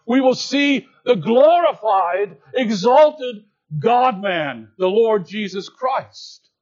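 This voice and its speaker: A man preaching an expository sermon, slow and deliberate, dropping to hushed low tones and then rising to emphatic lines. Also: animated, highs cut off.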